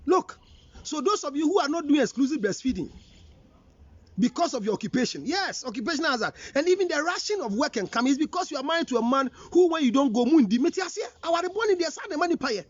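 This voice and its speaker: High, lively Ghanaian man lecturing. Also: fast talker, muffled recording. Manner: emphatic, scolding, rhetorical questions. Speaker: relationship counselor. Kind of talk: counseling talk mixing English and Twi.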